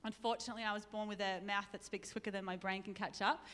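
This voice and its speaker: A woman's voice: mid-range voice, steady tone, fast talker, fairly bright tone. A woman preaching a sermon in a church, chatty and self-deprecating, laughing often. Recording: reverberant church hall.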